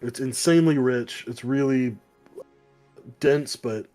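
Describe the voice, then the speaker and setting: A man talks through a comic issue in a loose, rambling way, swearing often and slipping into the characters' lines. His voice is mellow and dark, at a middle pitch. Faint music plays in the background. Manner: rambling, profane, acts out characters in quick asides. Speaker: podcast co-host. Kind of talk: casual comic book review chat.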